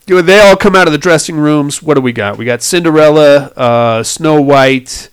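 Crude, laughing podcast man, smooth voice. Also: a little high, moderate pace. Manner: joking, laughs often, acts out quoted lines. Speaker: podcast host recapping a movie. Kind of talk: casual crude banter.

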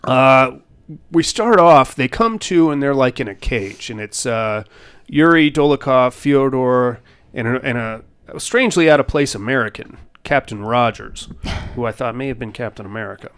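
A man's voice: mid-range voice, expressive, normal speed, fairly bright tone, clean tone. A man hosting a casual chat, recapping a movie in a rambling, laid-back way and swearing freely.

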